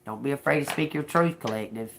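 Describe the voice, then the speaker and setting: A woman's voice: extremely low pitch, fast talker, gravelly, a little hiss or hum. A woman doing a live-streamed tarot reading, talking bluntly and profanely with folksy slang and frequent laughter. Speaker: tarot reader.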